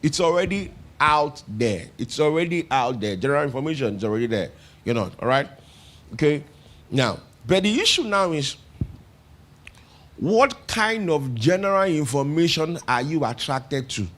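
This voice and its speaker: Nigerian preacher, conversational and questioning. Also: male voice, fairly high pitch, very animated, normal speed, a bit bright. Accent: Nigerian English. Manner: repeats phrases for emphasis. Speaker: pastor. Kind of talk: sermon.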